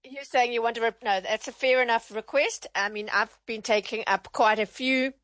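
A woman's voice: a little high, moderate pace, a bit bright, no echo. A woman hosting a radio phone-in, questioning a caller with frequent restarts. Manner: apologetic, probing, lots of restarts. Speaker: radio host.

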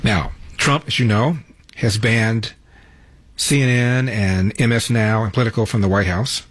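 A man's voice: lowish voice, a little slow, slightly rough. A man hosting a talk radio show, delivering a brash, wisecracking monologue from a studio. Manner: brash, wisecracking, self-mocking titles.

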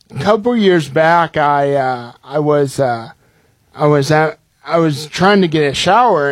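A young man in his twenties, appearing as a comedian guest, tells funny stories in a fairly high-pitched voice with no echo. He fills his comic storytelling with lots of ums and restarts and laughs at his own jokes.

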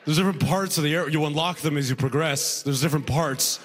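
A man's voice: on the high side, fast talker, a bit bright, in a large hall. A man from Sudan, raised in Alberta, doing live stand-up comedy on stage at a comedy gala, talking conversationally and checking in with the crowd. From Sudan, raised in Alberta, Canada.

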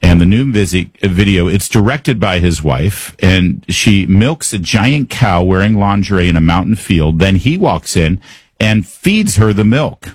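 Male talk host, deep husky voice, dry booth sound, sarcastic commentary. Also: animated, measured pace, no room sound. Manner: sarcastic, exasperated asides. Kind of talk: opinionated news commentary.

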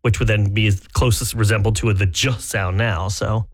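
A man's voice: normal speed, slightly rough. A man co-hosting a morning radio show, chatting casually and fussing over how words are pronounced. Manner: chatty, fussy about pronunciation, lively pitch swings. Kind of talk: casual on-air banter.

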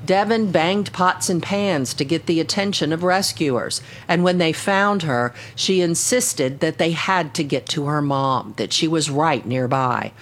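A woman reporter narrating a scripted radio news story in a measured, even way. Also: deep voice, slight background noise.

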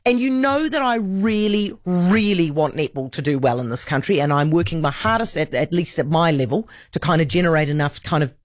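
A woman hosting a talk radio show, brisk, blunt and opinionated. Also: low-pitched, no echo, studio quality. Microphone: studio microphone.

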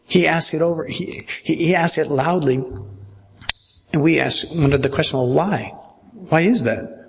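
A man preaching to his congregation with a gravelly, creaky edge in his voice. He teaches in a conversational way and keeps checking that listeners follow along. It sounds like a sermon delivered in a church. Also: fairly high pitch, normal speed, a little hiss or hum. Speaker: pastor. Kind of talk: verse-by-verse sermon.

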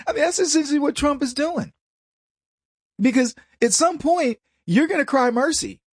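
A man hosting a political commentary show, brash and mocking, laughing often and slipping into high voices to mimic people. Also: expressive, normal speed, no room sound, clean studio sound. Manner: jumps into high put-on voices for quoted people. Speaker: political talk show host. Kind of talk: opinionated commentary monologue.

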